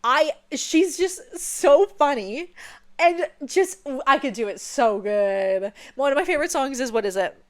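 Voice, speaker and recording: A woman's voice: high-pitched, lively intonation, a little slow. A young woman chatting playfully while seated, often checking in with "okay?". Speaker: vlogger. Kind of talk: casual chat.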